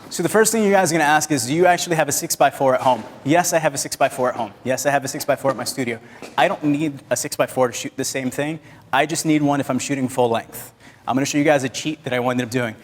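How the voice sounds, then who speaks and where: A man teaching photography at a live workshop, chatting with the audience and directing his assistants while he shoots. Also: medium pitch. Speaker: photography instructor. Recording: hall reverb, faint noise.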